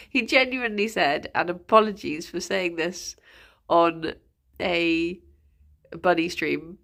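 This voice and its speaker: Slow-talking woman streamer. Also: lowish voice, creaky, fairly bright tone. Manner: chatty, laughs often, lots of fillers. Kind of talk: casual chat.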